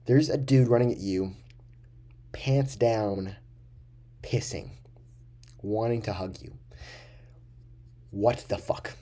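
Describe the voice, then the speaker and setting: A young man with a fairly low, dark, mellow voice tells a story straight to camera. He rambles, swears freely and exaggerates for comic effect in a loose vlog style. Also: slow, long pauses. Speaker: vlogger.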